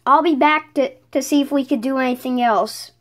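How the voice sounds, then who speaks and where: A woman's voice: high-pitched, moderate pace, fairly bright tone. A young woman making a casual home vlog, breaking into exasperated outbursts of disbelief. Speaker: vlogger.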